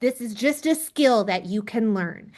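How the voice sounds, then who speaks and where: A woman leading a team training on a video call, giving an energetic pep talk and calling on people by name. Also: on the high side, a little slow. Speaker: team leader coaching recruits.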